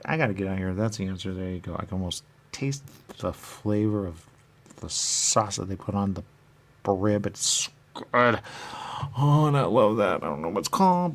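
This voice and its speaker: A man's voice: low voice, vocal fry. A man as a radio host, delivering a rambling comic monologue and asking and answering his own questions in repetitive loops. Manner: rambling and silly.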